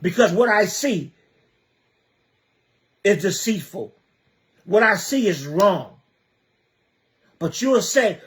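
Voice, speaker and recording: A man's voice: high voice, sing-song, slow pace, pauses often, fairly bright tone. A man from the Trenton area of New Jersey, a community advocate giving an impassioned livestream monologue, pressing his points with repeated rhetorical questions.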